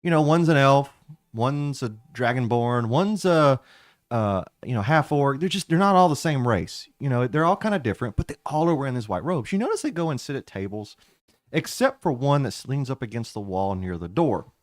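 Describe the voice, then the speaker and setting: A man's voice: medium pitch, expressive, moderate pace, dry recording. A man running a tabletop game as game master, narrating in a playful, rambling way. His voice moves up and down a lot. The sound is dry and close to the mic.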